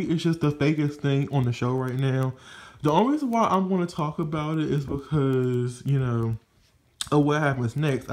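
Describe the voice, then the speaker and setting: Animated, gossipy man reviewing a reality show. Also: a little high. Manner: animated, profane, gossipy, many fillers. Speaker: reality TV recap vlogger. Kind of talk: casual episode review.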